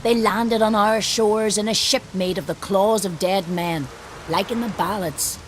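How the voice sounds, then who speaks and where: A woman's voice: mid-range voice, fairly even intonation, a little slow, slight background noise, natural voice. An actress voicing a grieving village woman who plainly recounts an attack in video game dialogue. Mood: haunted. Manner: plain-spoken, haunted.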